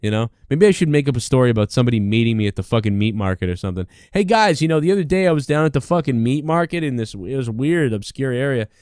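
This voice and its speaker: A male show host rambles through a profane comic rant. His voice is smooth and resonant, and it is recorded close and dry with no room sound. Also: medium pitch, lively intonation, quick pace, few pauses, a little mellow, dry recording. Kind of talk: profane comedic monologue.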